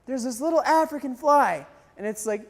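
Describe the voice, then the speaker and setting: High pitched young guy telling a story to a crowd, lively and acting it out, echoey big hall. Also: normal speed. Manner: animated, acts out scenes, sometimes shouts. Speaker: speaker telling a mission story. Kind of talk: dramatic storytelling talk.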